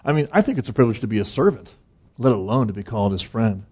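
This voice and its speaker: Pastor, man, husky tone; earnest conversational preaching with light chuckles, muffled low-fi sound. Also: expressive, fast talker, a little mellow. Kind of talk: conversational sermon.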